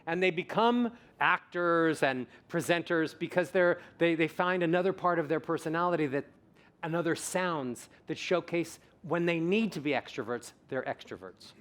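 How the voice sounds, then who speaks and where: A male vocal coach speaking at a conference and taking audience questions, animated and emphatic, repeating words for stress. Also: a little high, normal speed. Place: conference stage before a live audience.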